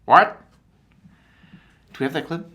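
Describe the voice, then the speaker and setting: A man co-hosting a casual podcast chat, an animated storyteller who acts out quotes, with a tired voice. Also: a little slow. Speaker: podcast co-host.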